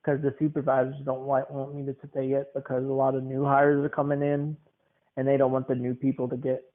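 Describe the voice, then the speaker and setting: A man hosts a casual podcast, and his voice comes through thin and tinny, like a phone line. He rambles loosely, repeats words, and fills pauses often. His pitch is average for a man. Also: completely flat delivery. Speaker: podcast host.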